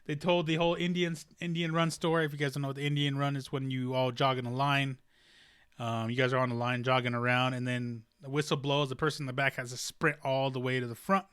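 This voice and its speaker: A man's voice: medium pitch, flat delivery, fast talker, a bit bright, clean tone, no room sound, studio quality. A young man hosting a casual solo sports podcast, rambling with many ums and restarts. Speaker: podcast host.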